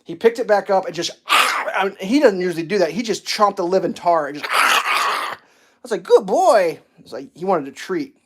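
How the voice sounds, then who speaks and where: A man's voice: sits high, brisk, sharp tone. A man hosting a casual home livestream, telling rambling stories and talking to his cat. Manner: rambling storyteller, stammers on restarts; baby talk with his cat. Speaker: livestream host. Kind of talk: casual chat.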